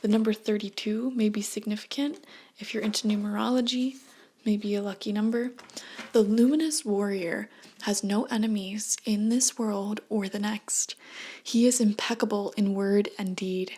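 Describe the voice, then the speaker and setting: A woman giving a casual tarot reading at home late at night, talking in a hushed voice that often drops to a whisper, chatty and prone to tangents. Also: mid-range voice, steady tone, normal speed, slightly rough. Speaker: tarot reader.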